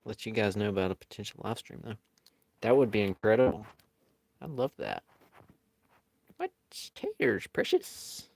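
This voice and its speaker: A man with a fairly low voice chats with viewers as he draws. He talks in an unhurried, easygoing way that often rambles. The sound is dry, with almost no room echo. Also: expressive, gravelly, a little mellow. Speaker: live-stream artist. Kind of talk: casual chat while drawing.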